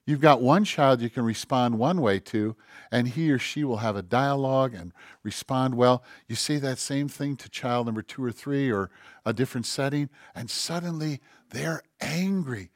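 A man preaching a conversational sermon, swinging between loud emphasis and hushed, quiet quoting. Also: medium pitch, normal speed, no room sound, clean studio sound. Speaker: pastor.

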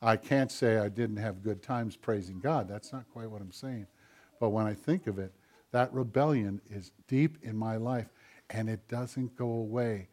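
Preaching a sermon, this pastor voices both prayers and God's answers as quoted speech. He swings between loud, urgent pleas and quiet, hushed asides.

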